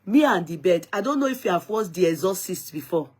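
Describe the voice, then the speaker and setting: A woman with a Nigerian accent telling a story to her viewers in a lively, dramatic way, slipping into Yoruba phrases. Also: fairly low pitch, brisk, slightly rough. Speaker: vlogger.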